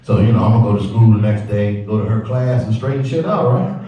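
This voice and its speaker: A man doing a stand-up comedy set, telling stories in a lively way and jumping loudly into quoted lines. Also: on the low side, quick pace, muffled recording. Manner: animated storytelling, loud jumps for quoted bits, frequent "you know what I'm saying". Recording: roomy live club sound, mic heard from a distance. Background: audience laughter and crowd noise.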